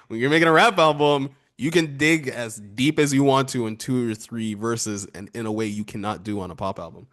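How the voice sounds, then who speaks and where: A man's voice: mid-range voice, a little fast, hardly any pauses, a bit bright. A man co-hosting an album review show, chatting casually and laughing often as he reads lyrics aloud. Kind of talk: casual music review chat.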